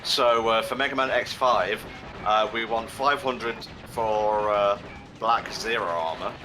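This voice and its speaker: A man's voice: fairly low pitch, steady tone, measured pace, music in the background, poor audio. A man hosting a charity gaming stream, joking and swearing while reading out donations. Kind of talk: casual gaming commentary.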